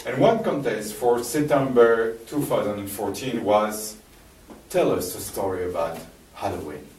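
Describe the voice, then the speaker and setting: A man with a French accent giving a live talk to an audience in a library room, telling stories with halting restarts and fillers. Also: lowish voice, lively intonation, darkish tone, slight background noise. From France. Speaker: speaker giving a presentation. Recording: roomy distant live recording.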